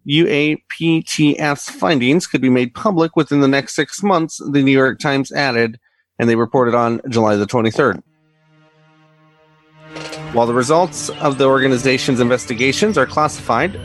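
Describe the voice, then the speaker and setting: A man reading a news story aloud on a comedy podcast in a newsy, slightly wry way. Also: mid-range voice.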